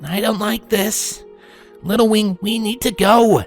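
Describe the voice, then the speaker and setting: A man's voice: high voice, wildly swooping pitch, normal speed, vocal fry, soft background music, voice pushed up, full character voice. A man voicing a nervous young male pony who speaks in a trembling, panicky way. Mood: uneasy.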